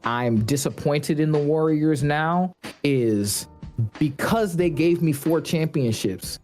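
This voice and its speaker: A man who is a podcast guest, chatting casually as an animated storyteller who mimics people's shouts. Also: fairly high pitch, slow, faint music behind.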